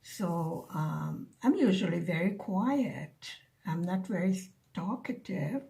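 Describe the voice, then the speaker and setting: Slow, soft-spoken woman chatting while crafting. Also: fairly low pitch, lively intonation, creaky. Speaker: craft vlogger. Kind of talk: casual chat while diamond painting. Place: living in Hungary, at home.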